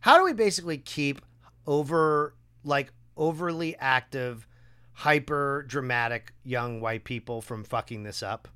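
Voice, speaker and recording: A man hosting a podcast, chatting casually and acting out quotes with a raised, animated voice. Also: mid-range voice, unhurried, clear, resonant tone. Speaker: podcast host. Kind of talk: casual conversation.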